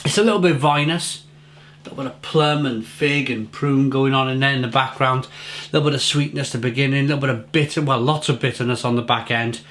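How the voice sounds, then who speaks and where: A man's voice: mid-range voice, fast talker, fairly bright tone. A middle-aged man giving a casual, enthusiastic beer tasting review, often repeating and restarting his words.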